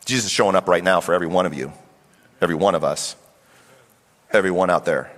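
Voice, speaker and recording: A middle-aged man preaching a sermon as pastor, animated and acting out voices of Bible figures. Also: deep voice, quick pace, pauses often. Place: church sanctuary. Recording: long hall reverb.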